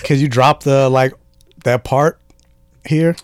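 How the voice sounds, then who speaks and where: A man's voice: mid-range voice, fairly even intonation, takes it slowly, clear, resonant tone, no echo, clean studio sound. A man co-hosting a podcast, making wry jokes in casual chat. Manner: wry, joking asides. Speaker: podcast co-host.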